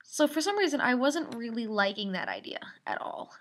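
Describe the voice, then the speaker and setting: A woman's voice: fairly high pitch, big pitch swings, fairly quick, fairly bright tone. A teenage girl rambling through a casual video journal from her mother's office, venting with lots of ums and likes. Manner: rambling and venting, full of fillers. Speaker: video diarist.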